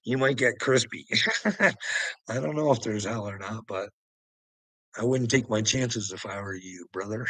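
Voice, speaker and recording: A man's voice: on the low side, lively intonation, a little slow, pauses often, sharp tone, no echo, rough recording. A man rambling through a solo monologue, mocking and profane, breaking into laughter between nearly every phrase. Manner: profane and taunting. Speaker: vlogger.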